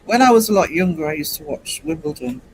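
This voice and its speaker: English man, fifties, higher-pitched voice, meandering livestream chat, faint background hum. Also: lively intonation, fast talker, poor audio. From England. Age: 50s. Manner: rambling, hesitant, many ums. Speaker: livestream host. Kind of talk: casual late-night chat.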